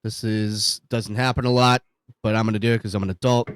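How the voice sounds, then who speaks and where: A man's voice: fairly low pitch, level tone, fairly quick, clear, resonant tone, no echo. A man co-hosting a casual podcast, rambling and joking, poking fun at himself and swearing freely. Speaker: podcast co-host.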